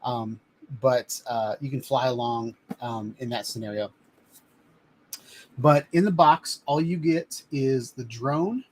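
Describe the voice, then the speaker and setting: A man's voice: medium pitch, slow pace. A chatty, rambling man talks casually on his own live stream, voice sitting in an ordinary middle register. He holds items up to the camera from a home studio desk, with a faint hum of background noise. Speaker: live-stream host reviewing drones.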